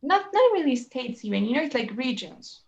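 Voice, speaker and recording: A woman's voice: high-pitched, big pitch swings, fairly quick, dull audio. A woman teaching a one-on-one English lesson, explaining in a chatty way and often checking with "right?" and "you know?".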